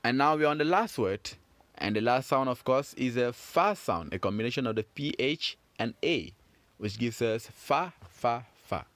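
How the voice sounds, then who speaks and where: A man teaching French phonics to children in a patient, encouraging way, repeating sounds slowly. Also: mid-range voice, lively intonation, a bit bright, dry recording. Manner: slow, patient, encouraging, drawn-out repetitions.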